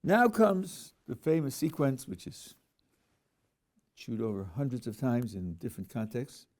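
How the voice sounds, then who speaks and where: A man's voice: medium pitch, lively intonation, measured pace, darkish tone. A man, a rabbi, teaching a text class, reading verses aloud and then questioning them with dry humor. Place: yeshiva classroom.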